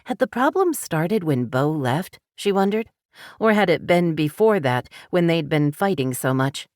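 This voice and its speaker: A woman with a low voice narrates a novel as an audiobook reader, telling the story in a measured, even way. The scripted narration is dry and studio quality.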